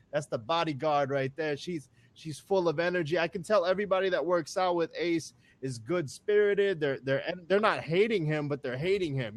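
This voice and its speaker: A man talking as a guest in a casual conversation, animated and repeating words with many fillers. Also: a little high.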